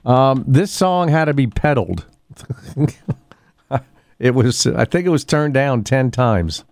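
A man's voice: mid-range voice, lively intonation, slow pace, gravelly, no echo. Rambling man hosting local radio. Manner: rambling, chatty, with many fillers and restarts. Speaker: radio host. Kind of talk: casual local radio chat. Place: radio studio.

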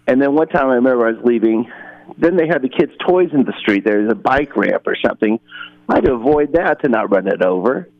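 Guy calling into a radio show, gravelly voice, kinda exasperated and rambly, dull muffled phone line. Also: medium pitch, animated, fairly quick, no room sound. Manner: rambling, exasperated storytelling with chuckles. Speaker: caller. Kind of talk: casual phone-in story.

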